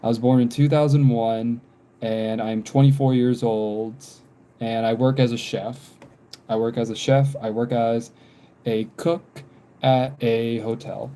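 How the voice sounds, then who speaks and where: A man's voice: mid-range voice, fairly even intonation, a little slow, dark tone, a little hiss or hum. A man in his twenties from America, chatting casually and rambling while he doodles on a livestream. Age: 20s. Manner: rambling, repeats himself, frequent ums. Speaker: livestream drawing vlogger. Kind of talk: casual chat while drawing.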